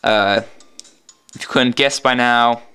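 A man's voice: mid-range voice, slow pace, pushed and bright, clear, resonant tone, faint music behind. A man giving casual gameplay commentary with joking, sarcastic asides. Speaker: let's play commentator.

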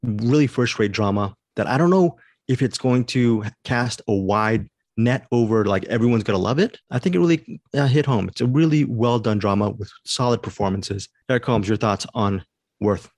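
A man's voice: medium pitch, normal speed, a little mellow, dry recording, studio quality. A man hosting a podcast, chatting casually and eagerly about a new movie, often restarting his sentences. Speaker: podcast host. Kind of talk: casual movie review chat.

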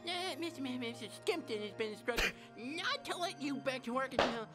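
A man's voice: extremely high pitch, animated, brisk, over loud music. A man voicing a bumbling, eccentric old village doctor in a video game cutscene, stammering and dithering fussily.

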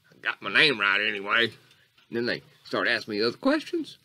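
An eccentric, rambling coach character, played by a man in a comedy monologue. His pitch swings wildly from squeaky highs to low mutters as he wanders off topic. The tone stays bright and pushed throughout. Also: huge pitch swings, brisk, exaggerated voice.

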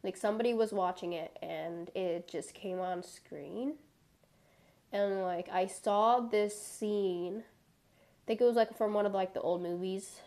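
A woman's voice: medium pitch, a little slow, dark tone. A young woman streaming a game, chatting casually in a rambling way full of filler words, playful and given to mock-dramatic outbursts. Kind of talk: casual gameplay chat.

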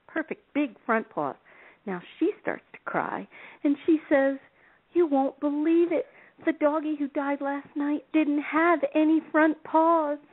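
A woman telling stories as a guest on a call-in show, lively and expressive, acting out the people in her stories and laughing often. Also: on the high side. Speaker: relationship advice author, guest. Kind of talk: animated storytelling on a call-in radio show. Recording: phone-line sound.

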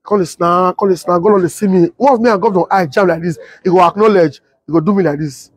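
A young adult man with a Nigerian Pidgin English accent, telling a story and acting out the voices of others in a husky tone. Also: fast, dry recording. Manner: switches to high excited voice when quoting others. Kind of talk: animated storytelling with acted-out quotes.

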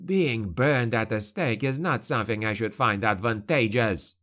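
A man's voice: medium pitch, normal speed, close to an everyday voice. A man voicing a snappish, bitter necromancer. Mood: testy. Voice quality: sharp, snapping. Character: bitter, fearful male necromancer.

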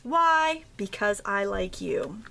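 A woman's voice: mid-range voice, normal speed, vocal fry, a little hiss or hum. A woman from Maine with a light Maine accent, chatting and joking her way through a casual craft demonstration at home. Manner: chatty, jokey, thinks aloud while working. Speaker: craft tutorial host.

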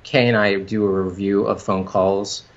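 Man, company founder, low voice, halting restarts, dull lo-fi recording. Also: fairly even intonation. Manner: halting, many restarts and fillers. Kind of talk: casual interview talk.

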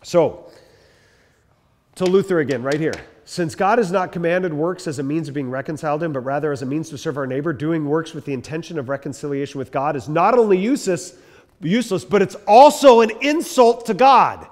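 A man's voice: a little high, brisk. A man, a pastor, giving an emphatic, conversational church history lecture to a live group. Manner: animated, emphatic, conversational with the room. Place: church hall with long reverb. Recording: echoey hall reverb.

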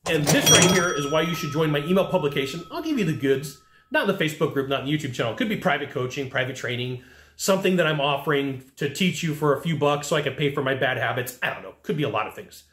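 A man delivers a casual sales lesson with lots of energy, rattling along at a quick clip and acting out little back-and-forth dialogues. His voice sits a bit high, and the room around him gives off a clear echo. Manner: energetic and amped up. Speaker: sales trainer and channel host. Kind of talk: casual talking-head video lesson.

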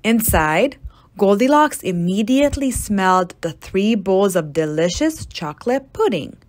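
A woman reads a children's storybook aloud, taking her time over each phrase. Her pitch rises and falls in wide, playful swings. She drops dry, deadpan asides into the tale. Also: measured pace. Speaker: storybook reader.

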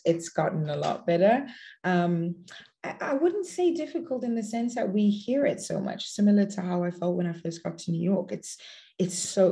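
A woman's voice: lowish voice, creaky, mellow. A woman with a South African accent, a guest in a casual interview, telling stories in an earnest, reflective way. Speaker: actress guest.

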